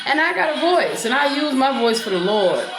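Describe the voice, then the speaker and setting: Her voice sits high and very animated, at normal speed, as this self-styled preacher, a Black woman, hurls a defiant monologue at her accusers. She bursts into gospel-style song, backed by music in an echoey space.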